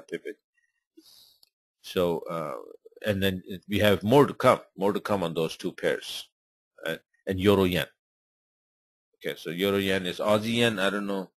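Trading webinar host, male, very low voice, dry close sound; loose, filler-heavy chart talk in non-native English. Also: fairly bright tone, no room sound. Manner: rambling and informal, many fillers. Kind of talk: live webinar chart commentary.

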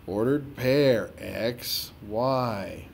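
A man with a middle-pitched voice plays an exasperated math teacher helping a student one to one. He scolds and needles the student with sarcasm as he explains each step. Faint room noise sits under the voice. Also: very slow, creaky. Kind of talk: dramatized tutoring walkthrough.

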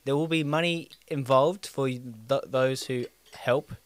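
A man's voice: mid-range voice, fairly even intonation, measured pace, smooth, no echo. Rambling man, dry close mic. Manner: rambling, frequent restarts and fillers. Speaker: podcast co-host. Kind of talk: casual chat.

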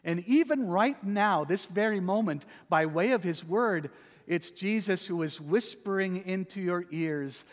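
Male pastor, unhurried sermon delivery with dramatic soft-to-loud swings, reverberant sanctuary. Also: sits high, expressive. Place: church sanctuary.

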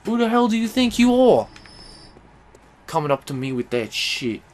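A man's voice: high-pitched, very animated, normal speed. Furious swearing male gamer. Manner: furious, swearing, swings from yelling to muttering. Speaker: gaming video host. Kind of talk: angry let's-play commentary.

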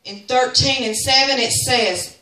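A woman teaching a Sunday school lesson in a fervent preaching style, climbing to near-singing peaks and dropping low. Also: a little slow, bright, forceful tone, distant mic. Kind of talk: sermon. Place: church. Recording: roomy echo, speaker off-mic.

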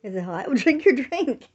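Sitting on the floor at home, a young woman films a casual family vlog, playfully coaxing her toddler in baby talk and laughing often. Her high voice is very animated yet slow, mellow, and husky, and the sound is lo-fi.

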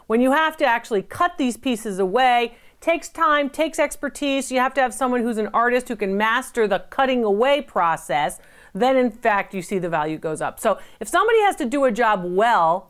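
A woman's voice: on the high side, clean tone. A middle-aged woman from the United States, an antiques appraiser giving chatty, emphatic tips and digressing into anecdotes.

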